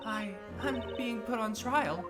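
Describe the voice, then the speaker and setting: A woman voicing a frightened, gentle young woman on trial, who speaks timidly with stammers. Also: on the high side, slow pace. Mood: pleading. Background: game music.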